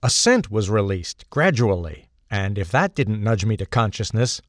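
Animated older man telling a comic story. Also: fairly low pitch, normal speed, no echo, studio quality. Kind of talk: first-person comic story reading.

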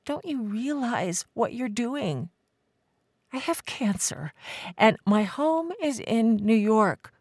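Reader doing a distraught woman, pitched well above the reader's own voice, slow and pleading in an audiobook. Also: animated, no room sound, clean studio sound. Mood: tearful, pleading. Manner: high, pleading, tearful. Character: woman, ill, torn, emotional. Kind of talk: audiobook character voice.

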